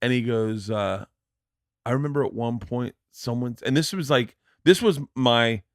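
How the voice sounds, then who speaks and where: A man in his forties hosting a podcast, telling stories in a loose, animated way. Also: unhurried, gravelly, no room sound, clean studio sound. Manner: animated, jumps into loud high-pitched impressions when quoting. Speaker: podcast host. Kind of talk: casual storytelling chat.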